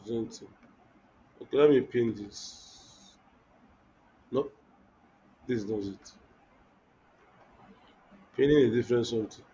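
Halting man teaching code. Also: medium pitch, mellow, rough recording. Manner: halting, thinks aloud with many restarts and fillers. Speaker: web development instructor. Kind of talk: live online coding class.

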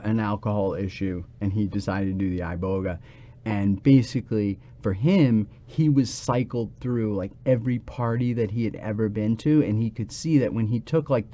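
A man, a podcast guest, telling a personal story in lively fashion and acting out the voices he quotes. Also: on the low side.

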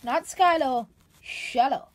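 A woman's voice: high-pitched, takes it slowly. A woman reading out written feedback in a dry, sarcastic comedy vlog, sounding out misspelled words. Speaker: comedy vlogger.

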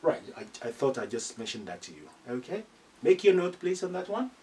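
Male Arabic teacher, mid-pitched, patient repeater, recorded at a distance. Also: big pitch swings, mellow. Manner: patient, repeats phrases slowly for learners. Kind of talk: classroom lesson.

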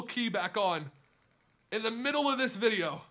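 Young male streamer, high bright voice, rapid swings from muttering to yelling, live gambling commentary. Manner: excitable, swings from muttering to shouting and swearing.

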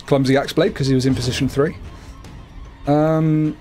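A man's voice: little pitch movement, moderate pace, dark tone, faint music behind. Chatty man streaming a game. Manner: chatty, playful, often slips into a high cooing voice for his cat. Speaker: gaming livestreamer. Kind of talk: casual livestream commentary.

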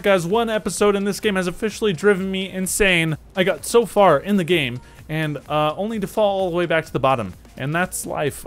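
Yelling, sarcastic gaming YouTuber man. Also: a little high. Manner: exaggerated, sarcastic, bursts into yelling. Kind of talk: let's play commentary.

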